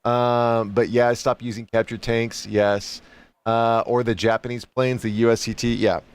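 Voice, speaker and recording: A man's voice: medium pitch, little pitch movement, moderate pace, clear, resonant tone. A man chatting casually on a game stream, rambling and repeating himself with chuckling asides. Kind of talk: casual livestream commentary.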